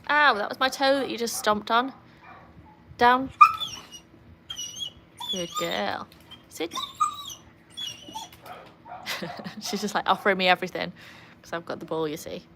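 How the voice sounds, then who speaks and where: A woman chatting casually on a livestream from beside a backyard pool, breaking into a high sing-song voice to praise her dog. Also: expressive, a little fast, heavy background noise. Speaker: livestream host and dog owner. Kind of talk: casual live chat. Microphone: phone.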